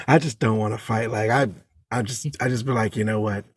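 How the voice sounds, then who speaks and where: A man co-hosting a podcast, rambling and halting as he tells stories in casual chat. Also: lowish voice, steady tone, breathy edge, dry recording, studio quality. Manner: rambling, halting, self-interrupting. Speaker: podcast co-host.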